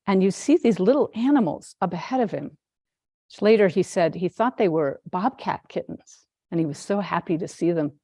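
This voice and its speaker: A woman with a fairly low voice delivers a dharma talk as a Zen teacher. She tells her story at an unhurried pace with gentle amusement. The sound is dry and close, with no room echo. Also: animated.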